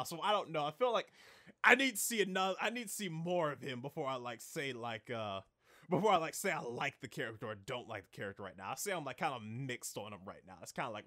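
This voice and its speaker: A man's voice: on the high side, sharp tone. A young man in casual chat, talking hesitantly with lots of fillers and restarted phrases. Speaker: co-host.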